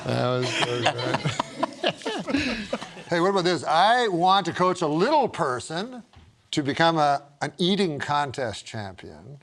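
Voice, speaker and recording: Man host with a slightly high voice that swings all over. He chats loosely, trips over his words and breaks into laughter often. There is a faint hiss behind him. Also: big pitch swings, a bit bright. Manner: laughs a lot, halting with restarts. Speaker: talk show host. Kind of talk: casual chat reading jokes.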